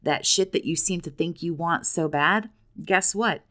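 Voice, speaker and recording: A blunt woman with a somewhat low voice talks straight to her viewers as a survivor coach. She swears freely and keeps pressing them with pointed, challenging questions. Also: measured pace, pushed and bright. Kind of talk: direct-to-camera monologue.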